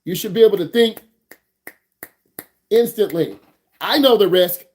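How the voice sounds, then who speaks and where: In his online driving lesson, the instructor speaks slowly in a high, slightly mellow voice while staying hyped, using slang, kidding with students, and repeating each question.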